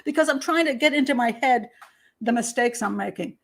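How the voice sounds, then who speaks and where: An older American woman talks casually on her own show, her voice sitting a bit high. She is lively and chatty, laughs often, and acts out the voices of the people she quotes. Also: quick pace. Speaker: host and criminal profiler. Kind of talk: casual talk show monologue.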